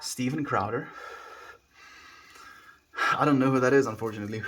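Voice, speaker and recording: A young man from South Africa with a South African accent, chatting casually on a live stream as he answers viewer comments in a rambling, relaxed way. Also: medium pitch, moderate pace, long pauses, slight background noise. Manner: laid-back, rambling, frequent likes and restarts.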